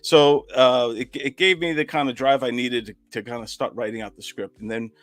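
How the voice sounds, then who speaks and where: A man's voice: medium pitch, fairly even intonation, fairly quick. A man, a filmmaker and comedian, telling a rambling anecdotal story in casual chat over a video call.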